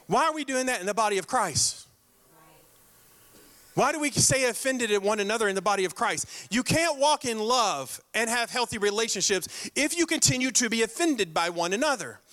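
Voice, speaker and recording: High, bright-voiced preacher. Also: male voice, animated. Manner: emphatic, repeats key lines, slows to stress scripture; direct, playful jabs at the congregation. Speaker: pastor. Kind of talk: sermon.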